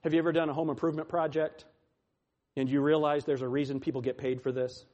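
A man preaching a sermon in a slightly higher-pitched voice. He swings from loud, pleading lines to hushed, quiet ones, and slows right down to stress the key lines. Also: little pitch movement, highs cut off. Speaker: pastor.

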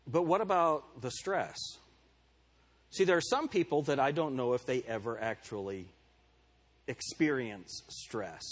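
Husky-voiced male pastor preaching casually. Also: mid-range voice. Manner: conversational, calls on congregation members by name; candid and self-deprecating. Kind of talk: sermon. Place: church service before a congregation.

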